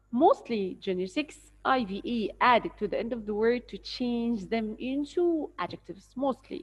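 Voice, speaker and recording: An Egyptian-accented woman teaching English vocabulary, explaining words patiently and spelling them out letter by letter. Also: on the high side. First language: Arabic. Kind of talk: recorded spelling lesson. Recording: dull lo-fi recording.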